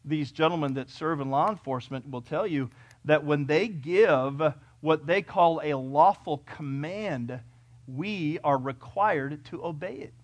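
Before his church congregation, a man with a slightly high voice delivers a sermon at an unhurried pace. He presses rhetorical questions and moves from booming statements to quiet asides, recorded with no echo.

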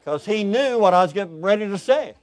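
A male pastor preaching a sermon, telling personal stories in an animated, excitable way with lots of repetition. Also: high-pitched, fairly quick, no echo.

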